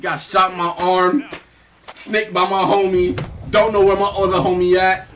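A man streaming a video game, reacting loudly with swearing and laughter. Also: sits high, little pitch movement, normal speed, distant mic, a little hiss or hum. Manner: loud, profane, laughing reactions. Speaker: gaming streamer. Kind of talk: let's play commentary.

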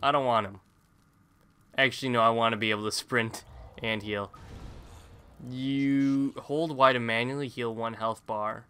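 A man's voice: medium pitch, fairly even intonation, a little slow, long pauses, sharp tone, a little hiss or hum. A man casually commentating his own gameplay, rambling with jokey self-mocking asides. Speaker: gaming YouTuber. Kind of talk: casual let's-play commentary.

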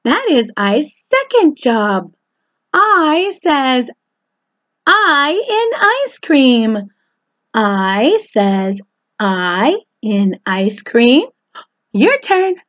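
A woman teaching a preschool phonics lesson, talking slowly with exaggerated, sing-song delivery, oohs and gasps. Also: sits high, very animated, fairly bright tone, no room sound.

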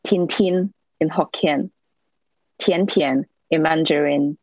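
Low-voiced woman reading poetry. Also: darkish tone, no echo, muffled recording. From Hong Kong. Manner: measured recital, hesitant "um" fillers when chatting. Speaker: poet. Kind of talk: poetry reading with short spoken introductions.

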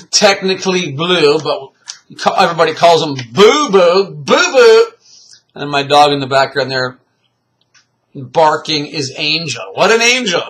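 An exuberant man rambles cheerfully through his daily home program, bursting into exclamations and laughter as he goes. His voice sits a little high and rings out sharp and forceful. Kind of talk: casual rambling monologue. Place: at home near open windows.

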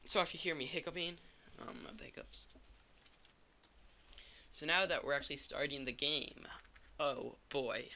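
A man's voice: on the high side, normal speed, pushed and bright, slight background noise. A tired young man narrating a coding tutorial, thinking aloud and joking at himself as he types. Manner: rambling, self-mocking, thinks aloud. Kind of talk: screen-recorded coding tutorial.

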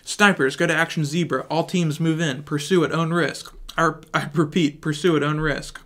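A man's voice: a little high, steady tone, normal speed, bright, forceful tone. A man with a mouth full of chewing gum voicing a male FBI agent who barks urgent orders during a chase.

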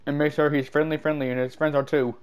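A man giving casual gameplay commentary, excitable and yelping at every mishap, with a stuffy nose. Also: a little high, quick pace, clean tone. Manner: excitable, yelps and shouts at mishaps. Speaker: gaming YouTuber.

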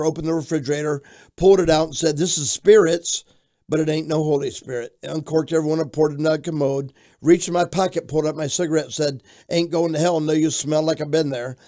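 An older pastor from Florida, telling his life story in an interview with an animated storytelling manner. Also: fairly high pitch. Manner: animated storyteller who shouts out quoted lines.

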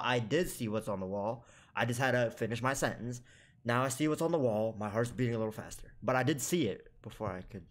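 A young man giving crude, joking commentary on a horror game, mock-scolding the screen and breaking into sudden high yelps when startled. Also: big pitch swings, brisk. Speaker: gaming YouTuber.

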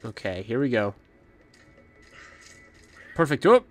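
A man's voice: medium pitch, expressive, takes it slowly, long pauses. A young man hosting a let's play, chatting about his plans and talking to the enemies on screen, a little out of breath. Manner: chatty, talks to the game's enemies. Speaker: gaming channel host.

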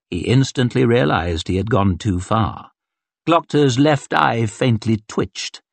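Male audiobook narrator, breathy, lively pitch, wry, dry close sound. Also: slow pace, no room sound. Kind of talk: scripted narration.

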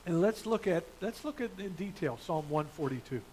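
Pastor, male, high voice, chatty sermon delivery full of restarts. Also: expressive, normal speed, a little mellow, a little hiss or hum, rough recording. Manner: conversational, with many fillers and restarts. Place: church.

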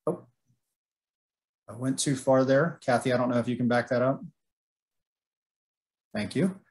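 Male sales presenter, mid-pitched, halting with lots of fillers, webinar delivery. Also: darkish tone. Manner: halting, many filler words.

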